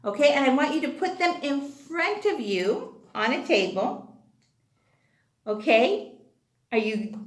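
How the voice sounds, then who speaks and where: A woman teaching a phonics lesson to young children, slow and sing-song, with excited gasps. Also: fairly high pitch, echoey room.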